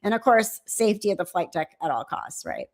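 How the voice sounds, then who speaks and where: A woman's voice: mid-range voice, huge pitch swings, fairly quick, loud music behind the voice. A middle-aged woman, a former flight attendant, giving casual live-stream reaction commentary with chatty, amused asides.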